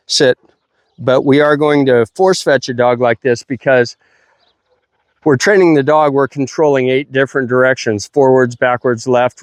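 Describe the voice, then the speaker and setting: Slow-talking middle-aged dog trainer man. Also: clean tone, dry recording. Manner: unhurried explaining, breaking into high playful praise for the dog. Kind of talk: explaining training while working a dog. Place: outdoors at a kennel ranch.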